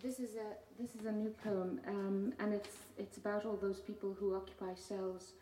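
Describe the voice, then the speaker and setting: A woman, a poet giving a measured reading of her own poems with hesitant spoken asides between them. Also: mid-range voice, flat delivery, very noisy. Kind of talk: poetry reading. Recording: roomy hall from far off.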